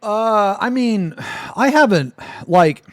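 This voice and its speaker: A man streams and rants, swearing and sarcastic, sounding thoroughly fed up. His voice sits somewhat high and swings widely in pitch. The sound is dry and close, with no room echo. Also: animated, slow. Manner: profane, exasperated, sarcastic ranting. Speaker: Twitch streamer. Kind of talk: ranting livestream commentary.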